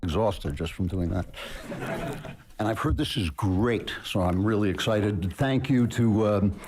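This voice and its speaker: A man giving a university speech, joking in a dry, measured way. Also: fairly low pitch, a little mellow, slight background noise. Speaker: speaker.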